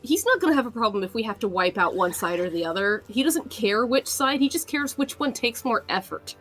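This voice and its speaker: A woman talking casually about her character with her tabletop group. She laughs as she speaks and makes quick asides. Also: a little high, animated, a bit bright, faint music behind. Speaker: tabletop game player. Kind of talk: casual chat during a game break.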